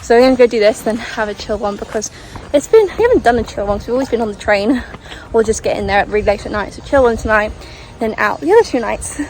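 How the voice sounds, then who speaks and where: A woman's voice: a little high, expressive, fast, a little mellow, rough recording. A young woman chatting casually and laughing often as she films a travel vlog on a handheld phone, walking around outdoors and inside a hotel room. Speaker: travel vlogger. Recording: music playing under the voice.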